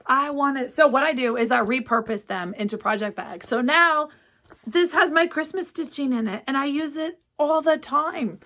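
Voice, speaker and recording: Woman host, casual vlog chat, effusive and gushing; bright, slightly high voice. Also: moderate pace. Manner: gushing, excitable, chatty. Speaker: cross-stitch vlogger. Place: home craft studio.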